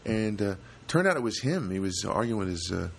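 A man's voice: on the low side, big pitch swings, brisk, creaky, a little hiss or hum. A man hosting his own podcast in a casual comedic monologue, rambling and self-deprecating with frequent restarts. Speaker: podcast host.

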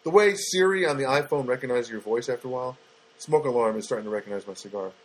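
Husky guy rambling on his podcast, lots of uh and you know, dry jokey grumbling. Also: mid-range voice, fast. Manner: rambling, self-deprecating, many fillers and restarts. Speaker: podcast host and comedian. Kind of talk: rambling comic monologue.

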